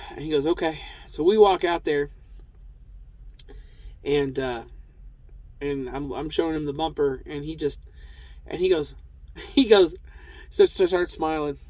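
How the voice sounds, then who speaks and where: A man's voice: fairly high pitch, no room sound, rough recording. A man telling a rambling, self-deprecating story to camera about his trucking days, slipping into the voices of the people he quotes. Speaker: truck driver vlogger.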